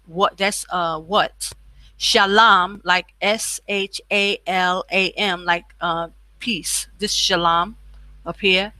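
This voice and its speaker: A woman's voice: medium pitch, bright, forceful tone, dry recording, rough recording. A woman teaching a casual beginner language lesson, repeating each phrase for learners and adding chatty, informal asides.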